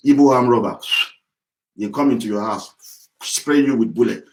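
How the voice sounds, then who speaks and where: A man's voice: medium pitch, normal speed, long pauses, poor audio. A man giving an impassioned political address as an activist, heated, profane and repetitive. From Yorubaland, southwest Nigeria.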